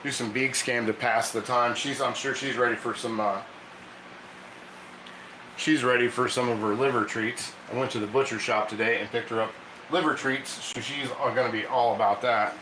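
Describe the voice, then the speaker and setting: A man's voice: medium pitch, steady tone, normal speed, pushed and bright, echoey room, a little hiss or hum, poor audio. A man hosting a casual cooking stream, chatty and laughing often as he coaxes his dog through tricks. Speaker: cooking channel host. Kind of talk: casual live cooking chat.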